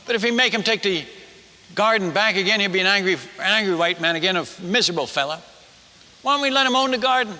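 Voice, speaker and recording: Man doing a persuasive village elder type, high and bright, hall echo. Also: fast. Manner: reasoning, pleading with an angry crowd. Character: sharp-witted village man, calm and persuasive. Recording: long hall reverb.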